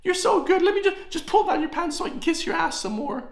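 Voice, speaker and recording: A simpering, fawning male journalist , as an Irishman mocks him, his voice pushed far up into a syrupy squeal. The flattery is oozing and exaggerated. The room around him rings with echo. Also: fast talker, vocal fry, full character voice. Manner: high, mocking, syrupy flattery.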